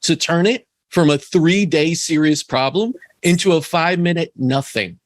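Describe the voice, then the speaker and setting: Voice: mid-range voice, moderate pace, dry recording. An interview host talking casually, reflective and sharing personal experience.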